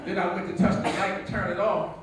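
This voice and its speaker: A man performs a stage comedy monologue as a strict, wry father of a grown son, telling it deadpan and teasing. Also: high voice, fast, slight background noise, lightly acted. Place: theatre stage. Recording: echoey hall from far off.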